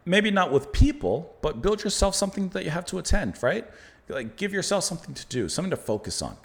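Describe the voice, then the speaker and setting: A man's voice: high-pitched, very animated, brisk. A man hosting a music reaction, thinking aloud as he breaks down song lyrics, with fillers and restarts. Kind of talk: album reaction commentary.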